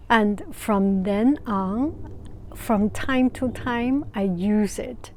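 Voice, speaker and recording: A woman from China, an art teacher telling a casual story, halting as she searches for words and often breaking into soft laughter. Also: mid-range voice, slight background noise. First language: Mandarin Chinese.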